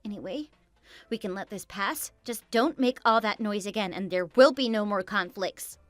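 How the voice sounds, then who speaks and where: A woman voicing a wife in a text message story, calm and reproachful. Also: medium pitch, moderate pace, no echo, faint music behind.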